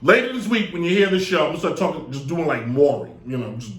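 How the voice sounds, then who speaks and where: A man with a voice on the high side speaks quickly while hosting a live sports talk show. He rambles and jokes with plenty of digressions into a desk mic on a stand, and the room is echoey.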